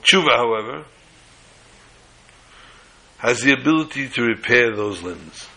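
A man teaching a sermon on the weekly Torah portion in a measured, halting way, often restarting phrases. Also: mid-range voice, lively intonation, bright, forceful tone, low-quality recording.

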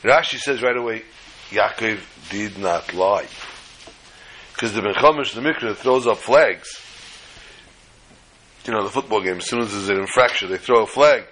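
Guy giving a torah class, bright voice, tells it like a story and does the lines. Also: fairly low pitch, moderate pace, long pauses, a little hiss or hum, rough recording. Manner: animated storytelling, acts out dialogue. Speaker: Torah teacher.

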